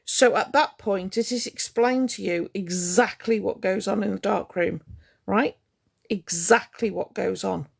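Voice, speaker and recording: A woman's voice: medium pitch, a little slow, vocal fry, husky. A woman, ranting sarcastically to her livestream chat and greeting viewers as she goes. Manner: cross, sarcastic, blunt. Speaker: livestream host.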